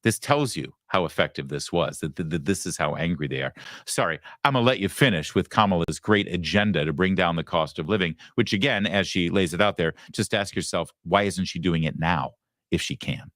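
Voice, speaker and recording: A man's voice: low voice, a little fast, a bit bright, dry recording, studio quality. A male host giving sarcastic, emphatic commentary on news clips. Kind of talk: opinionated commentary.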